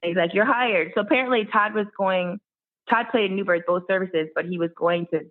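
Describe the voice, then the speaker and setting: Animated woman storyteller on a tinny line. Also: fairly low pitch, fast talker. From Miami. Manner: animated, acts out quoted voices. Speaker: guest musician. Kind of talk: storytelling in an interview.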